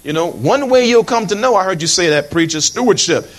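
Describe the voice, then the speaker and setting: A middle-aged man preaching a sermon in an animated, humorous way, with many asides to the congregation and frequent repeated words. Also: high-pitched, fairly quick. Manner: repeats words and restarts phrases while preaching.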